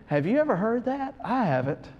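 High-voiced preacher in a reverberant hall. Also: male voice, big pitch swings, moderate pace, dull audio. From United States. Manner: repetitive restarts, swings from hushed to loud. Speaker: pastor. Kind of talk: sermon. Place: church.

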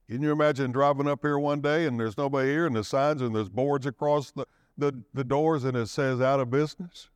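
A man preaching a sermon, swinging his pitch and pace for dramatic emphasis and calling out for the congregation's response. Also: steady tone, brisk, smooth, no echo, studio quality. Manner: calls for audience response.

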